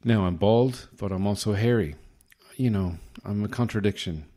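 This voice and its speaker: A man's voice: on the low side, normal speed, warm tone. An Irish man hosting a podcast, delivering a rambling, self-deprecating comic monologue with a wry manner. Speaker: podcast host.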